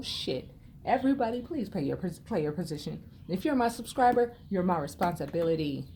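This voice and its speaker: Woman, tarot vlogger, mid pitch, cocky and streetwise, alternates loud and quiet, phone-mic sound. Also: a little hiss or hum. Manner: sassy, profane, swings from loud scolding to low murmurs. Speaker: tarot reader. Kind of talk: blunt unscripted tarot vlog rant.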